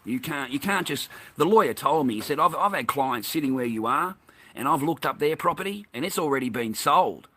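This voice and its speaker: A man's voice: on the high side, lively intonation, fairly quick, bright, forceful tone. An Australian man in a rambling, heated, profane monologue, swearing constantly.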